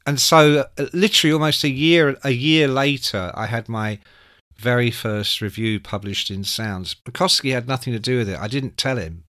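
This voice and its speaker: A man, a music journalist telling anecdotes in a casual, animated way, swearing freely. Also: mid-range voice, normal speed, no echo, studio quality. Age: 60s. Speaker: music journalist and podcast host.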